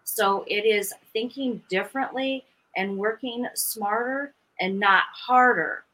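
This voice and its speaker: Bright-voiced veteran teacher woman. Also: fairly high pitch, slow, poor audio. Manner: earnest, steady storytelling. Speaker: podcast guest, veteran teacher. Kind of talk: casual interview talk.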